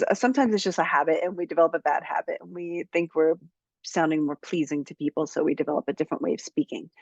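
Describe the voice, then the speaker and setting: A woman's voice: fairly low pitch, a little mellow, dry recording, highs cut off. A woman who coaches public speaking, giving an upbeat, direct tutorial to camera.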